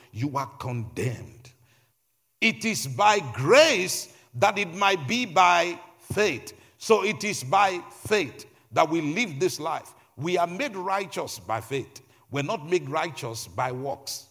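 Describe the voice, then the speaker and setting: Male pastor, sermon, lively swooping pitch, husky voice, repeating phrases for emphasis. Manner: preaching with repetition and rising emphasis.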